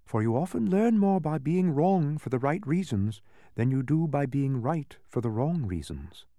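A man reading aloud, voicing a grave, quiet, wise young princess in a storybook. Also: a little high, a little slow, no room sound, studio quality, pitched above the performer's own voice, full character voice. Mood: gentle, wise. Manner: calm, quiet, patient.

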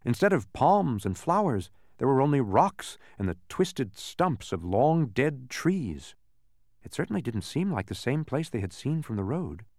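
An expressive male narrator reading a storybook aloud, his pitch rising and falling with animation. The sound is close and dry, with no room around it. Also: a little slow, no room sound.

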